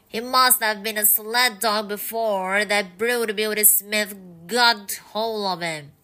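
A woman's voice: medium pitch, steady tone, takes it slowly, bright, forceful tone. A woman reading a storybook aloud, voicing a kindly, earnest frontier man who speaks up for a mistreated dog.

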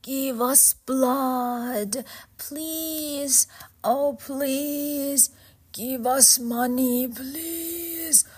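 A woman voicing a crowd of desperate ghosts who beg in breathy whispers. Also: high voice, extremely slow, darkish tone, pitched above the performer's own voice. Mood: pleading. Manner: whispery, begging. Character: pleading ghosts, wispy, desperate, many.

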